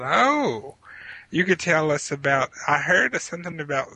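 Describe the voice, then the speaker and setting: A man co-hosting a podcast in casual chat, teasing with quick interjections. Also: on the high side, very animated, creaky, bright, forceful tone, slightly rough, dry recording. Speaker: podcast co-host.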